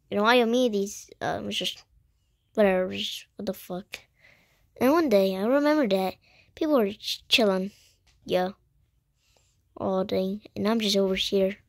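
A woman's voice: mid-range voice, unhurried, creaky, long pauses, no room sound, clean studio sound. A young woman improvising a fan voice-over for cartoon characters, slangy and swearing constantly, often dropping to a whisper. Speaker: amateur voice-over artist.

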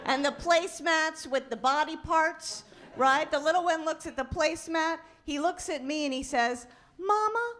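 A middle-aged woman doing a stand-up comedy set on a club stage, telling chatty, animated stories about her kids with mock outrage. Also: sits high, moderate pace. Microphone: handheld stage mic. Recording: live club recording with audience. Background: audience laughter and room noise.

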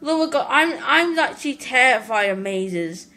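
An excitable Irish woman chatting through gameplay as a let's play host. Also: high-pitched, a little slow, soft background music. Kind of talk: gaming commentary.

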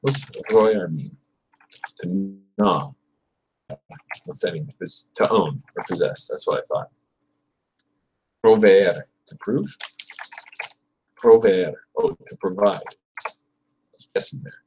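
A man's voice: low voice, expressive, slow pace, pauses often, a little mellow, a little hiss or hum. A young man on a casual livestream, repeating verb forms aloud and muttering asides as he studies. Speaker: channel host studying Spanish. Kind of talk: casual livestream study session.

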